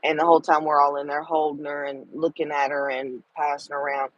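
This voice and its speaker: A woman's voice: deep voice, level tone, a little fast, lo-fi sound. A middle-aged woman, talking to viewers in a casual livestream chat, tender and emotional. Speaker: livestream host.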